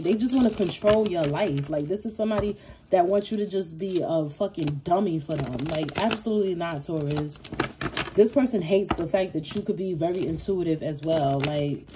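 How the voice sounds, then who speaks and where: A young woman, giving a casual tarot reading in a blunt, profane, animated way. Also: fairly low pitch, background noise. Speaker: tarot reader.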